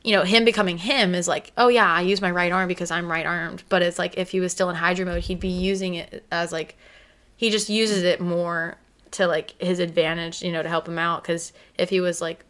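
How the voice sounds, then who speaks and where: A woman's voice: fairly low pitch, fairly even intonation, brisk, a bit bright. A woman chatting casually about a TV episode, gushing and giggling, with lots of fillers. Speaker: episode reviewer. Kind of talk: casual chat.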